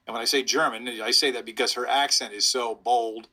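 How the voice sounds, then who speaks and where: This is a middle-aged man, a police spokesman, recounting a story in a relaxed interview. His voice is husky with a forceful, bright edge. He rambles and chuckles at his own tale as he goes. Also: mid-range voice, brisk. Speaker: police officer, public information officer.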